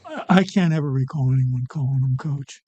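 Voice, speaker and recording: Mellow man recalling school days haltingly. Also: medium pitch, lo-fi sound. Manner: hesitant, repeats words while recalling. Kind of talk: casual reminiscing chat.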